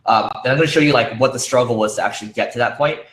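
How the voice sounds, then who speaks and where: A man's voice: medium pitch, racing, fairly bright tone. A man speaking at a conference, talking casually with many fillers and restarts, his voice worn from use. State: losing his voice. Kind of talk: conference talk. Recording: roomy echo.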